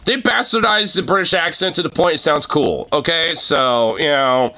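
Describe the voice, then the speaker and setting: Crude ranting streamer guy, super bright sharp voice, bit high. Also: moderate pace. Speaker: streamer reacting to posts. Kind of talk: casual reaction rant.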